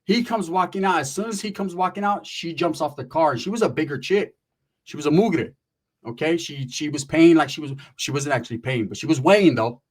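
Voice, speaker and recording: Profane slangy storyteller man, slightly high. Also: a little fast. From Northern California. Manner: profane, slang-heavy, sprinkles Spanish slang; animated, acts out the people in his story. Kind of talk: casual street storytelling.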